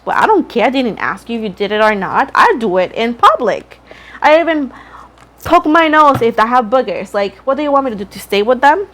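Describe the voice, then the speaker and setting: A woman gives a relaxed tarot reading, speaking in a fairly high voice. She is chatty and frank, talks straight to her viewers and calls them pet names. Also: a little fast. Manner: chatty, frank, addresses viewers as boo and Libra. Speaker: tarot reader. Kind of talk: casual tarot reading to camera.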